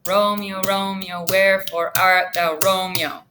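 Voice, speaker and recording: A woman's voice: medium pitch, flat delivery, a little slow, pushed and bright, soft background music. A woman teacher reading the lines of a young lovestruck girl who pleads from a balcony, reciting the verse with rising emphasis. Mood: pleading.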